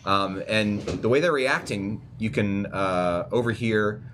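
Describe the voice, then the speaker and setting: A man narrating as game master in a tabletop game, talking in a relaxed, halting way with many restarts. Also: lowish voice, a little hiss or hum.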